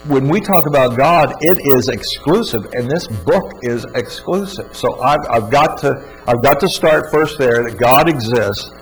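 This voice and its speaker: A man's voice: mid-range voice, lively intonation, a little slow, few pauses, breathy edge, low-quality recording. A man giving an earnest, emphatic religious teaching talk, often repeating words for stress. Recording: faint mains hum.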